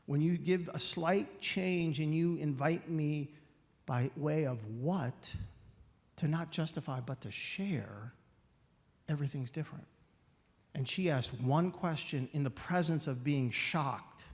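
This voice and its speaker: A male guest speaker telling a story in a sermon at a spiritual center, animated and often restarting phrases, in an echoey hall. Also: fairly high pitch, slow. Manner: animated, voicing characters, frequent restarts.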